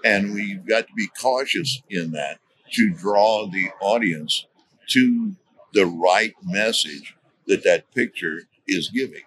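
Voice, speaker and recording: A man with a very low-pitched voice that still carries a bright, forceful edge. He talks as a podcast guest in a deliberate, teaching manner, circling back to repeat his key words. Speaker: guest, safety trainer. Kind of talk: conversational podcast interview.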